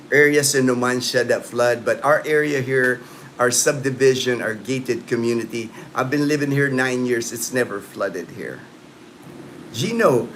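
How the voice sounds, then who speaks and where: A man in his late fifties, at home in the Philippines, hosts a loose, rambling livestream, answering comments from viewers and peppering his speech with "you know" and "man." He has a mid-range, somewhat bright voice, and slight background noise can be heard.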